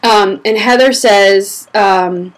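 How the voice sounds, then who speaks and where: A woman's voice: medium pitch, slow. A young woman chatting casually to camera as a blogger answering reader questions, a little short of breath, rambling with fillers and restarts. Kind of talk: casual vlog chat.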